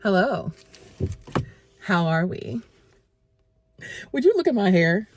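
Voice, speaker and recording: A woman's voice: mid-range voice, sing-song, takes it slowly, background noise. A woman vlogging in a casual, chatty way, laughing often and talking while she eats. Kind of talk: casual vlog chat.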